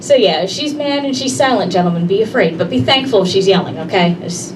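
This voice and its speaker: A woman's voice: mid-range voice, expressive, fast talker. A woman performing a stand-up comedy set, brash and conversational, talking straight to the crowd. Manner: brash, conversational, addresses the audience directly. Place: comedy club stage. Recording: distant mic, noisy room ambience.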